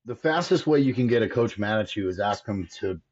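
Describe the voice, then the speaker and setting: Husky low-voiced male instructor. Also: expressive, a little fast, a little mellow, dull audio. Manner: emphatic, explains with repeated phrasing. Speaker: hitting instructor, podcast guest. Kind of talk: casual interview talk.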